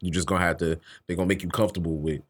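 A man's voice: low-pitched, fairly even intonation, racing. A man co-hosting a podcast in casual chat, loose and joking, laughing often and swearing freely. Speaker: podcast co-host.

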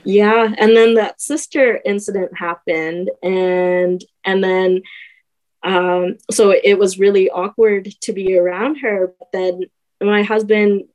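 A woman's voice: medium pitch, fairly even intonation, slow, darkish tone, low-quality recording. A young woman telling her own story as a podcast guest, hesitant, with many fillers and restarts. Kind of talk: personal story in a podcast conversation.

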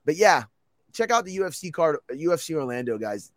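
Young dude cohosting a podcast, chill and rambly, totally dry close mic. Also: male voice, fairly high pitch, sing-song, brisk, no room sound. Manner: laid-back and rambling, lots of fillers like "you know". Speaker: podcast co-host. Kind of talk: casual chat.

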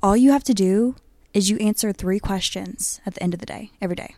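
A woman's voice: medium pitch, fairly quick, a little mellow, no echo. A young woman co-hosting a casual podcast, chatty and upbeat, often breaking into laughter. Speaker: podcast co-host. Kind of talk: casual chat.

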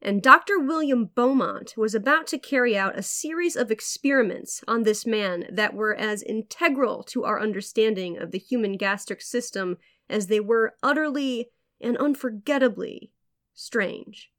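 A woman hosting a history podcast, reading a scripted true story in a measured storytelling manner with wry asides. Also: a little high, fairly bright tone. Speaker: podcast host.

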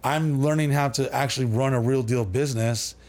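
A man's voice: medium pitch, steady tone, a little fast, darkish tone. A man as a podcast guest, telling long rambling stories with lots of swearing, fillers and restarts. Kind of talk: casual storytelling.

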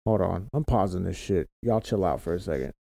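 A man's voice: low voice, animated, brisk, creaky, mellow. A man from Florida co-hosting a casual podcast, rambling and swearing constantly. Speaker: podcast co-host. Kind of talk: casual profane chat. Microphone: home podcast mic setup.

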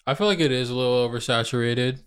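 A young man co-hosting a podcast in casual chat, relaxed and reflective, with plenty of "like". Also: medium pitch, fast, clean tone. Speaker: podcast co-host.

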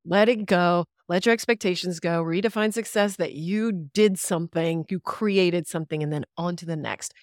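A woman's voice: on the low side, moderate pace, few pauses, dry recording, studio quality. A woman talking candidly on a podcast, ranting freely, laughing and swearing as she goes. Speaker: podcast guest. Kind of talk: casual podcast conversation.

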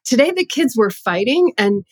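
Lively, animated middle-aged woman. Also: fairly high pitch, normal speed, no room sound. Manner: lively, animated storytelling with laughs. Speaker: parenting class teacher, guest. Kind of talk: conversational interview.

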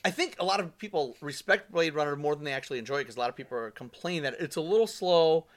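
A man's voice: on the high side, animated, rapid-fire. A man co-hosting a film podcast, talking casually and enthusiastically, rambling and swearing freely. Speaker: podcast co-host. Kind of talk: casual chat.

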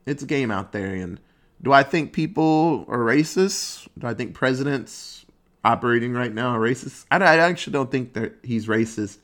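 A man talks off the cuff in a loose, rambling monologue, with his voice rising and falling widely as he gets worked up. He swears freely and keeps an easygoing, conversational flow. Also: medium pitch. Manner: animated, profane, rambling. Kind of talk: casual monologue.

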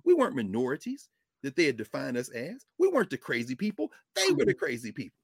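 A middle-aged man lecturing as a professor and show host, preacherly, with vernacular speech and big swings between loud and low. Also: wildly swooping pitch, fast, vocal fry, breathy edge, dry recording, studio quality. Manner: uses African American vernacular. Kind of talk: lively lecture to an audience.

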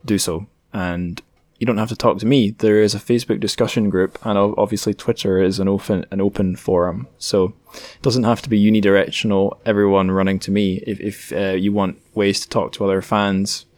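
A man's voice: fairly low pitch, little pitch movement, a little fast, a little mellow, no room sound. A Scottish man hosting a podcast, chatting casually and rambling a little as he corrects himself. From Scotland. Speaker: podcast host. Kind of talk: casual solo podcast chat.

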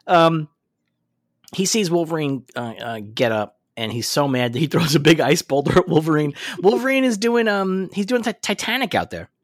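A man's voice: fairly high pitch, normal speed, dry recording, studio quality. A man co-hosting a podcast, chatting casually and profanely as he recaps a cartoon, laughing often. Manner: laughs a lot, profane, excitable. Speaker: podcast co-host.

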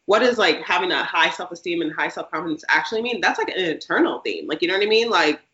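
Young woman podcast co-host, rambly, "like"-heavy, bright sharp tone, echoey lo-fi room. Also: on the low side, expressive, quick pace. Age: young adult. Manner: rambling, says "like" constantly. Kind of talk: casual chat. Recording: echoey room, dull lo-fi sound.

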